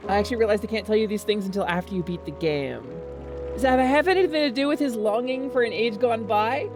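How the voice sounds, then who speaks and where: A woman's voice: mid-range voice, expressive, brisk. A woman streaming a game, chatting casually with her chat in a bubbly, giggly way. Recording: game music behind.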